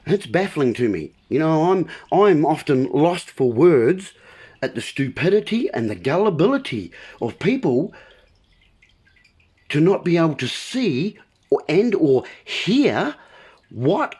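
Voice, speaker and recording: A man's voice: on the high side, very animated, measured pace, a little mellow, breathy edge. A man talking to his viewers in an impassioned monologue, emphatic and frustrated, playing with words. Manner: impassioned, emphatic wordplay ranting. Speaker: vlogger.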